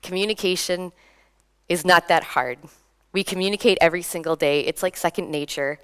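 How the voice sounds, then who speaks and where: A young woman from Minnesota giving a lively conference talk, laughing between points and drawing in the audience. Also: lowish voice, a little fast, clean tone. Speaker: conference speaker. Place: conference hall.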